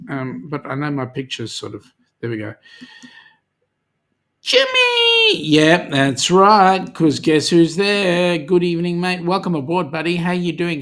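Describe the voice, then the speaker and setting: An Australian host chatting casually on a live cruising stream, reading viewer comments aloud with plenty of ums and friendly banter. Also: mid-range voice.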